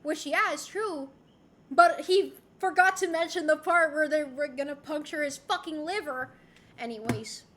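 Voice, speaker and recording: A woman's voice: high-pitched, moderate pace, fairly bright tone. A young woman streamer chatting candidly with her chat from home, swearing freely and rambling with restarts. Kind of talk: casual chat.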